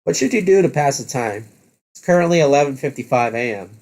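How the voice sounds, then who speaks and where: A man's voice: medium pitch, animated, fast, darkish tone, natural voice. A man reading a helpful young crew planner. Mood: matter-of-fact.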